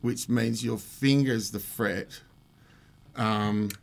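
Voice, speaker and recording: A man's voice: fairly low pitch, fairly even intonation, very slow, vocal fry. A man with a slightly barky voice, co-hosting a casual chat about guitars, laughing and rambling as he explains things. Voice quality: a bit barky. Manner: laughing, rambling, self-deprecating. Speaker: co-host. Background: guitar playing.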